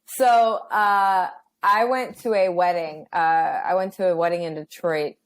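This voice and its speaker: A young woman, a podcast guest, telling a funny personal story in casual chat, swearing freely and getting animated. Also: lowish voice, measured pace, poor audio.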